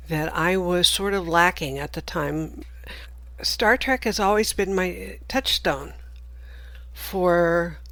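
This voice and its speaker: A woman in her seventies leaving a heartfelt recorded message, speaking slowly and deliberately. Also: fairly low pitch, dry recording. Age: 70s. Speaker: listener caller.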